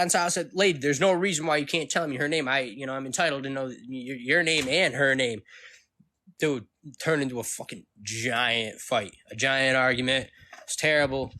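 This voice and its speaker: A man of ordinary pitch rants to the camera, swearing freely and telling his story with lots of energy. His delivery is loose and conversational, full of asides and restarts. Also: moderate pace. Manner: animated, profane, ranting storyteller. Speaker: vlogger. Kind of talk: casual ranting vlog. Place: California.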